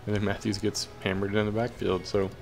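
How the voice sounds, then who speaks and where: A man's voice: lowish voice, flat delivery, fast, vocal fry, slight background noise. A young man casually commentating his own football video game, cheering and groaning at the plays. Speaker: gaming commentator.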